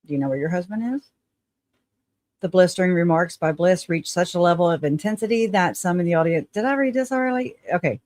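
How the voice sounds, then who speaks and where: A woman's voice: fairly low pitch, animated, brisk, a little mellow, no echo. A woman host with a Southern twang, reading news articles aloud and breaking off into sarcastic asides. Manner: sarcastic asides, reads with stumbles.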